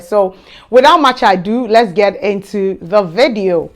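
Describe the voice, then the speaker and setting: A young woman hosting a fragrance channel, chatting excitedly through an unboxing. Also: mid-range voice, moderate pace. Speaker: fragrance vlogger. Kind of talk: casual unboxing vlog.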